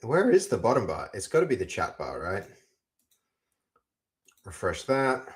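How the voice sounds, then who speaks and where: A man's voice: lowish voice, big pitch swings, unhurried. A young man live-streaming, chatting casually to his viewers while working on code, rambling with many restarts. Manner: rambling, talks to chat, lots of restarts.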